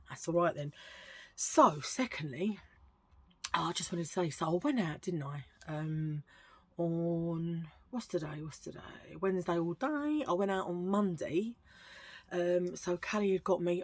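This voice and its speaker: A woman's voice: fairly low pitch, measured pace, husky, no echo. A middle-aged woman, rambling through a casual vlog chat with lots of asides and self-mocking stories. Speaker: vlogger. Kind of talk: casual chatty haul vlog.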